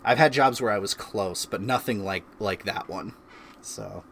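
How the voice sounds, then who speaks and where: A man's voice: on the low side, unhurried, creaky, a bit bright. Chill guy rambling through a story at home, laughing a lot, slight background hiss. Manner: laid-back, laughs often, lots of filler words. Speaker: streamer and host. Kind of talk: casual storytelling chat. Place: at home by a fireplace.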